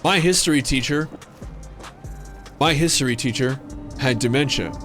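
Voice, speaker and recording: Streamer dude rambling through a story, swears a lot, lots of uh and like, mid pitch, little music in the back. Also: male voice, moderate pace. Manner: loose, profane, full of fillers and restarts. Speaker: livestream gamer host.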